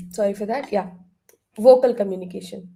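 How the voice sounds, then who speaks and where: A woman leading an online counseling workshop, asking the group questions and now and then clearing her throat. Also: mid-range voice, unhurried, mellow. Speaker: workshop trainer. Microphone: laptop far across the room.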